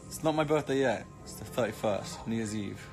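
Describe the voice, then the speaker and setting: A man's voice: mid-range voice, a little fast, gravelly, darkish tone, faint music behind. A British man chatting casually on a live stream, reading comments with cheeky, joking banter. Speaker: actor streaming live to fans.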